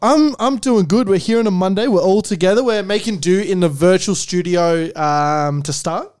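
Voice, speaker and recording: A young man co-hosting a casual podcast and making wry, deadpan jokes. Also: high-pitched, moderate pace, clear, resonant tone, no echo, clean studio sound. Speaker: podcast co-host. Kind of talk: casual banter.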